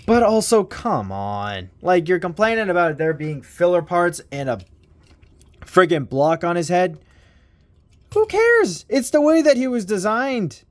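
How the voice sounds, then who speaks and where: Young guy, slangy toy-review rambler, unhurried delivery, slightly high voice. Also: dry recording, clean studio sound. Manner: rambling, slangy, mild swearing. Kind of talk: casual vlog review.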